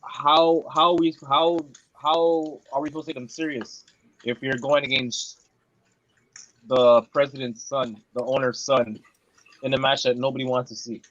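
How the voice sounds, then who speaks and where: A man's voice: medium pitch, fairly even intonation, unhurried, fairly bright tone, dull audio. A man co-hosting a podcast, chatting casually and making his point with emphatic rhetorical questions. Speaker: podcast co-host. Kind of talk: casual chat.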